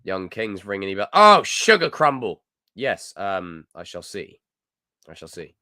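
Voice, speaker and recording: Animated Scottish man ranting live. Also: sits low, moderate pace, no room sound, clean studio sound. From Scotland. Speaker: livestream host. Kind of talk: casual live chat reading comments.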